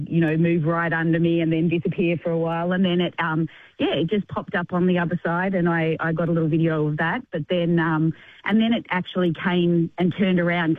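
A woman calling in to a radio show, rambling and halting as she tells her story. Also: on the low side, no echo. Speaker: caller. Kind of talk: phone-in report. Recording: tinny phone line.

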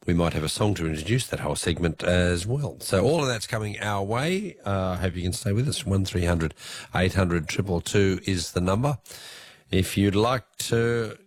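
A man hosting a radio phone-in quiz, chatty and quick to laugh. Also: sits low, lively intonation, no echo. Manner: chatty, laughs easily, stumbles a little.

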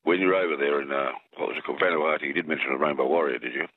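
Older Australian male caller, deep and husky, rambling jokey manner, thin phone-line sound. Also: fairly even intonation, very fast, no room sound. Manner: rambling, jokey, self-interrupting. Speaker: radio caller. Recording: dry tinny phone line.

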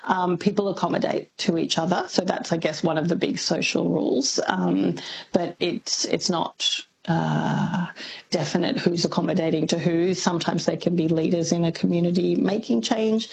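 A woman's voice: on the low side, fairly even intonation, normal speed, gravelly, a little mellow, slightly rough, rough recording. A woman linguist as a radio guest, explaining thoughtfully with many ums. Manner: thoughtful, lots of ums, laughs easily. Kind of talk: radio interview.

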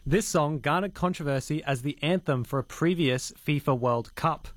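A man's voice: on the high side, moderate pace, no room sound. Dry-sounding man quiz master. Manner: upbeat, playful. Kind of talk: casual radio chat.

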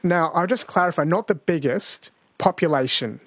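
A man hosting a casual radio chat and quiz, chatty and quick to laugh along with callers. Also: a little high, animated, fairly bright tone, husky, no room sound. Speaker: radio host.

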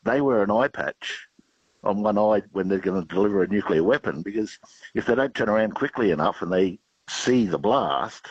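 A man's voice: fairly low pitch, lively intonation, normal speed, slightly rough, dry recording. Playful male caller on a dull line. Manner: playful, hammy pirate banter. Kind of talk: phone-in chat telling jokes.

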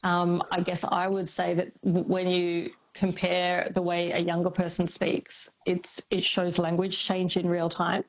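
A woman speaking as an expert guest on a radio show, explaining in a thoughtful, measured way with small fillers. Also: lowish voice, completely flat delivery, rough recording. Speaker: accent and language expert guest. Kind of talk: radio interview.

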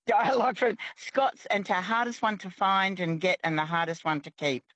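An Australian woman calls in to a radio program and chats with hesitant false starts. Her voice sits at a middling pitch and sounds dry and close, with no room around it. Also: moderate pace, a bit bright, dry recording. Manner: hesitant, restarts often, chatty. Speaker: caller. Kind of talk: radio call-in chat.

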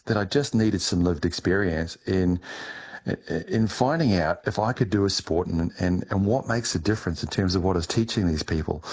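Deep-voiced man telling his story. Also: breathy edge. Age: middle-aged. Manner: relaxed storytelling, some restarts. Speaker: guest, ice diver. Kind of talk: interview answers.

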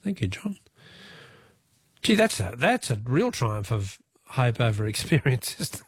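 A man with an Australian accent hosting a talkback radio quiz, chatty and jovial with quick laughs. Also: medium pitch, big pitch swings, breathy edge, dry recording, studio quality.

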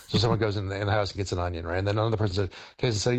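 Low-voiced man, halting and full of fillers. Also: fairly even intonation. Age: middle-aged. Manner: halting, many fillers and restarts, storytelling. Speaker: historian and chef, radio guest. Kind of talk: casual radio interview, explaining cooking.

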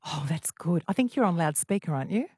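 A woman's voice: lowish voice, lively intonation, fast talker, darkish tone, slightly rough, dry recording, clean studio sound. Chatty woman hosting talkback radio. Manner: chatty and playful. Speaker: radio host. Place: radio studio.

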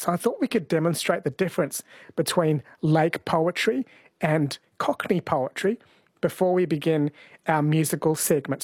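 A man's voice: fairly high pitch, dry recording. A man hosting a radio show, explaining poetry and introducing songs in a lightly playful, explanatory way. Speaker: radio host presenting music. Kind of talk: scripted radio presenting.

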